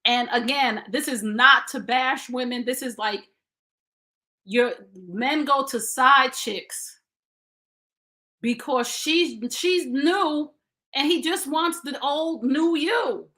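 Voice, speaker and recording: Woman in her 50s on a live stream, fairly high voice, bright and punchy, blunt and preachy. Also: takes it slowly. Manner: blunt and preachy, addressing viewers directly. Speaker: relationship advice live streamer. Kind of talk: casual live-stream talk.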